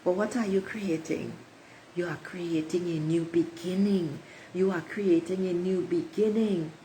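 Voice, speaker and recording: A woman's voice: lowish voice, fairly even intonation, unhurried, warm tone, slight background noise, rough recording. A woman giving a spiritual oracle card reading to her viewers. She speaks emphatically and repeats her affirmations. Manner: emphatic, repeats affirmations, addresses listeners as beautiful souls.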